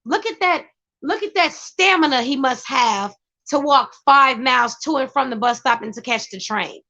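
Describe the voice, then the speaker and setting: High-voiced emphatic woman, lo-fi sound. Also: normal speed, creaky. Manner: emphatic, excitable, talks to her partner off-camera. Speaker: vlogger. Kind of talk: casual commentary.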